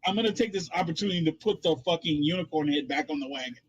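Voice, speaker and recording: Man, tabletop player, blunt, swears, slightly high voice, muffled lo-fi audio. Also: fast, breathy edge. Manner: blunt and profane. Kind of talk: casual tabletop play. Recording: dull lo-fi sound.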